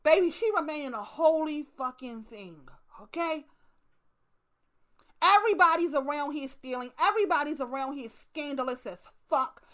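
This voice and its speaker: Young woman host, high bright voice, profane and lively storytelling monologue. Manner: profane, animated storytelling with acted asides. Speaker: channel host. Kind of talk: casual monologue to camera.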